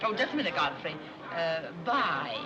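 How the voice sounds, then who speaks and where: An actress playing a scatterbrained wealthy society matron who chatters in a dithery, rambling way, in a 1930s film comedy. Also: female voice, low voice, sing-song, normal speed, dull audio. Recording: scratchy 1930s film soundtrack with music.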